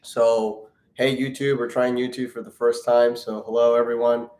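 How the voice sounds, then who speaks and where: A man's voice: mid-range voice, moderate pace. Man in a roomy echo, joking Q&A host. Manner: relaxed, joking, greets viewers by name. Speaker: plastic surgeon hosting a live Q&A. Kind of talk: casual live-stream chat, reading viewer comments aloud.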